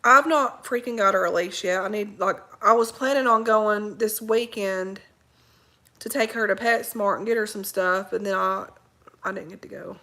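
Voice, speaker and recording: A woman chatting casually on a livestream, cooing baby talk to her puppy in a soft, drowsy way. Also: mid-range voice, moderate pace. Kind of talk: casual live chat.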